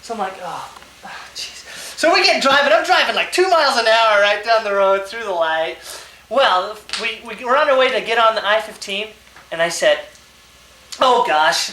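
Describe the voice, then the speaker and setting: Young man, higher voice, lively storyteller who laughs often, recorded on a home camcorder in an echoey room with loud hiss. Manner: animated, laughing while he tells stories. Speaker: engaged man telling stories. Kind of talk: casual storytelling among friends.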